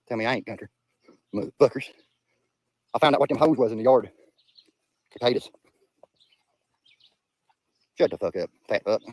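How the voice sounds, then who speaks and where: This medium-pitched male voice comes through clean, with studio-like sound and no room noise. He's an Appalachian-accented Eastern Kentuckian, chatting, rambling, and swearing during a casual outdoor livestream by a river.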